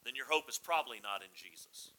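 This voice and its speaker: A man's voice: medium pitch, animated, fast talker, sharp tone, low-quality recording. A man in his forties preaching a sermon in a conversational, humorous storytelling manner. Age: 40s. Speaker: pastor.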